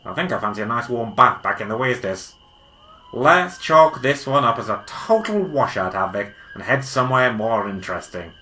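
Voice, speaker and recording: A woman voicing an excitable male time-travelling weasel doctor in a hobby audio drama, theatrical and bossy. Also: extremely low pitch, moderate pace, a little hiss or hum, exaggerated voice. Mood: excited. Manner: theatrical, bossy, easily bored.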